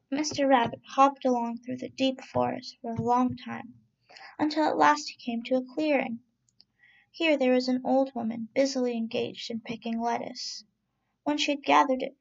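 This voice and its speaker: A woman storyteller reading children's stories aloud in a slow, gentle storybook manner. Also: sits high, gravelly. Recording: dull lo-fi recording.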